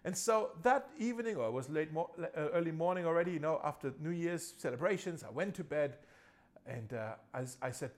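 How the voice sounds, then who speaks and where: A man's voice: on the high side, expressive, fairly quick. A male pastor delivering a conversational sermon, repeating key phrases and chuckling at himself now and then.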